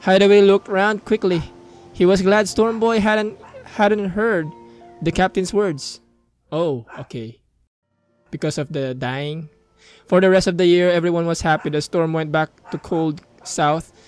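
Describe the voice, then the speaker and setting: Young Filipino-accented man, lively let's-play host, higher voice, reading game text aloud. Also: unhurried, clear, resonant tone, faint music behind. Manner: excitable, reads on-screen story text aloud, mixes in Tagalog asides. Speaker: gaming YouTuber.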